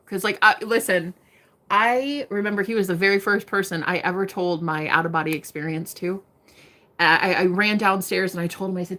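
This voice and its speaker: A young woman gives tarot readings on a live stream, chatting casually, swearing freely, and laughing often. Her medium-pitched voice is bright and forceful.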